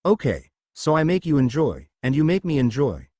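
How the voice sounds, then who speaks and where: An eager young ninja who blurts out whatever he thinks in a blunt, earnest way, read by a man in his natural voice. The reading is close and dry, with very lively intonation. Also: a little high, normal speed, husky, no echo, heavily acted. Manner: blunt, earnest, a little awkward. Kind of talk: fan fiction story reading.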